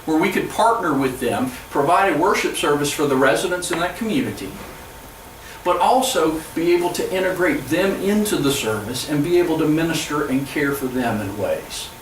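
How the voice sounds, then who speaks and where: A man's voice, a little high for a man, comes from some distance in an echoey church hall. He is a pastor giving an earnest presentation to fellow church leaders, telling stories with frequent halting restarts. A faint hum of room ambience sits behind him. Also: lively intonation.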